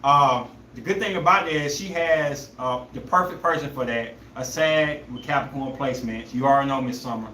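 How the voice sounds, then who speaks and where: A man's voice: medium pitch, normal speed, few pauses, pushed and bright, reverberant, a little hiss or hum. A young man hosting a podcast, telling a story in a loose, rambling way and searching for words. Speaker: podcast host. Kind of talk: casual storytelling chat.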